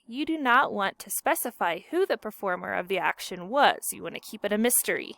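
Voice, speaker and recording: A woman's voice: medium pitch, fairly bright tone, no echo. A woman teacher walking her students through a grammar lesson, asking questions and answering them herself. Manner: clear explanatory teacher talk with questions to students.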